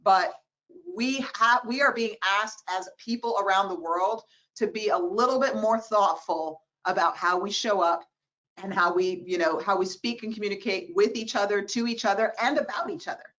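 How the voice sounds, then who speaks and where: A woman in her forties, a diversity expert, telling personal stories in a webinar interview on a video call, animated and expressive. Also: medium pitch, moderate pace, poor audio. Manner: animated, expressive storytelling with quoted voices. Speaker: diversity expert, guest speaker.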